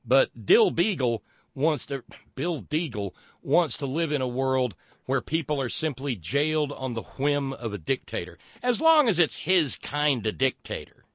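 A man's voice: medium pitch, big pitch swings, measured pace, fairly bright tone, no room sound, clean studio sound. A man hosting a political commentary show, sarcastic and mocking as he reacts to clips.

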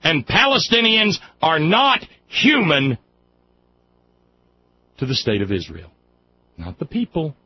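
A man's voice: mid-range voice, husky. Impassioned talk radio host, man. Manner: impassioned, emphatic, with restarts. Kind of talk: call-in talk radio commentary. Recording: dull lo-fi radio broadcast.

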